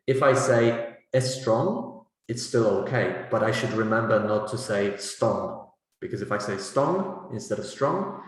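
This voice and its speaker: A man giving a teacher-training talk on pronunciation, explaining step by step and checking in with "right?" and "you know". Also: medium pitch. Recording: very echoey large hall.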